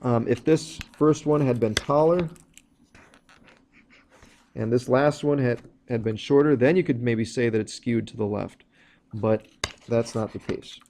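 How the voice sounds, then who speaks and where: Mellow-voiced man teaching a math lesson. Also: medium pitch, measured pace, long pauses, slight background noise. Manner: plain explanatory, walks through steps with fillers.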